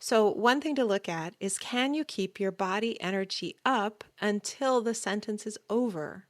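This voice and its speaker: Lady voice coach, unhurried podcast lesson, dry close sound. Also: medium pitch, no echo. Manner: explains calmly, demonstrates sounds. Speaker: voice teacher.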